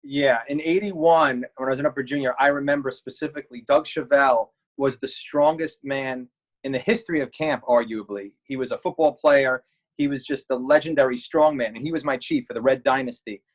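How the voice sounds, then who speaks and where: A man's voice: mid-range voice, a little fast, poor audio. A man in his forties, a camp alumnus, telling old stories in an interview with dry humor. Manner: wry, storytelling with humor. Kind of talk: reminiscing interview answers.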